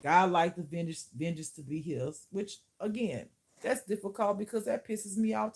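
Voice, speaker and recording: A woman's voice: lowish voice, fairly even intonation, moderate pace, a little mellow. A woman who teaches spirituality, talking to camera in a casual vlog, blunt and profane, often laughing.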